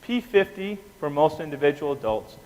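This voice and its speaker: A man giving an anesthesia lecture, animated, quizzing the class and often checking in with "okay?". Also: on the high side, normal speed. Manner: animated, asks the class questions, keeps saying "okay?". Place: lecture room. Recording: reverberant hall with faint noise.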